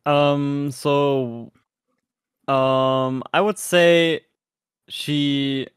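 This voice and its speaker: This German-accented podcast co-host speaks extremely slowly in a slightly high, clean voice with fairly even intonation. He chats hesitantly about performances, with many fillers and restarts, on a dry studio-quality recording.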